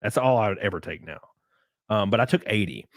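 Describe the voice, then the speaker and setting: A man's voice: lowish voice, a little fast, dry recording, studio quality. Rambling young man telling a story. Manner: rambling storytelling with many likes and restarts, bursts of excitement. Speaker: podcast guest. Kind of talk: casual podcast chat.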